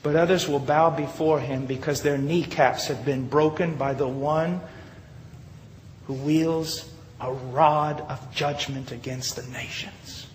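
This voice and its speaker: Preacher in a booming hall. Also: male voice, steady tone, slow. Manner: dramatic storytelling, swings between loud rises and hushed drops. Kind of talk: sermon. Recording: long hall reverb, faint noise.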